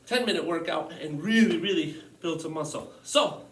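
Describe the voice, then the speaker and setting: A man's voice: fairly high pitch, moderate pace, a bit bright, slight background noise. A man teaching a home workout lesson, upbeat and encouraging, a little out of breath from demonstrating the exercises. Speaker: physical education teacher. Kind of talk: casual online lesson. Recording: echoey room, mic at a distance.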